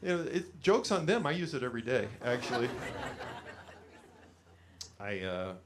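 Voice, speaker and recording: A man's voice: medium pitch, big pitch swings, normal speed, noisy background. A middle-aged man from California doing a stand-up comedy set, telling rambling self-deprecating stories full of fillers on a small studio stage.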